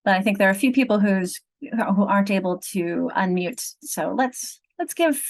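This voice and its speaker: A middle-aged woman leading an online teacher training on reading, explaining each step in a clear, patient teacherly way over a video call. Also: medium pitch, moderate pace, poor audio. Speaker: literacy trainer.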